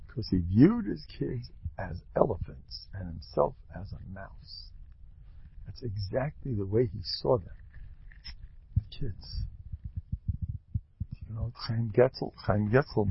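A man's voice: fairly low pitch, gravelly, highs cut off, a little hiss or hum. A man giving an informal, joking Torah talk, acting out quotes. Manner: animated, joking, acts out quotes. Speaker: rebbe and speaker.

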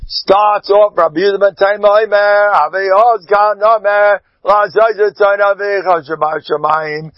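A man speaking as a rabbi in an animated Torah talk, emphatic, swinging between loud exclamations and low asides. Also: normal speed, few pauses, no echo, highs cut off.

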